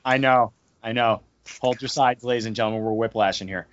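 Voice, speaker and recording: A man's voice: mid-range voice, fairly even intonation, brisk. A man hosting a casual podcast, joking around and slipping into hyped announcer bursts. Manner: jokey, hyping announcer bursts. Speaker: podcast host. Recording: dull lo-fi audio, dry.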